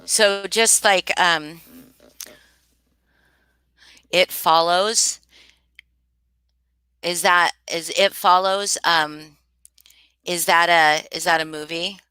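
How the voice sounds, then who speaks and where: A woman's voice: lowish voice, fairly even intonation, takes it slowly, pauses often, pushed and bright, smooth, dry recording. A woman hosting a casual live stream, rambling and thinking aloud as she answers viewers, often restarting her sentences. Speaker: livestream host.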